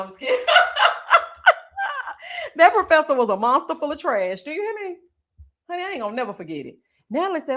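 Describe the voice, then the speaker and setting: A woman with a Texas Southern twang, chatting casually with her viewers in a sing-song, drawn-out way. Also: fairly high pitch, fairly bright tone. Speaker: YouTube reality-show reviewer. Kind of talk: casual chat reading viewer comments.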